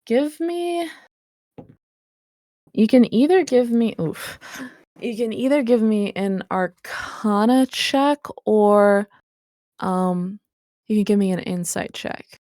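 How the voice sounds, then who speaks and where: A woman's voice: mid-range voice, takes it slowly, darkish tone, no room sound, clean studio sound. A woman narrating as game master in a tabletop game, hesitant and full of fillers.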